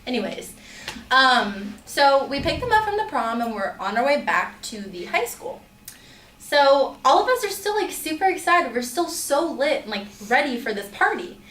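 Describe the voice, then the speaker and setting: Young woman storyteller, slightly high voice, chatty filler-heavy delivery, roomy distant mic. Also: very animated, moderate pace, fairly bright tone. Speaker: student storyteller. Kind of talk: personal story told to an audience.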